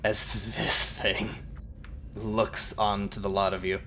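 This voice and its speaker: Bright-voiced man narrating as game master. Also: lowish voice, flat delivery, takes it slowly, slight background noise. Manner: descriptive narration, laughs often.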